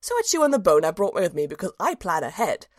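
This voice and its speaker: A woman's voice: lowish voice, fast, no echo, studio quality, pitched below the performer's own voice. A woman as an earnest, cheerful little dog narrating. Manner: earnest childlike storytelling, animated. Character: cheerful simple-minded small dog narrator. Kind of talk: storybook narration.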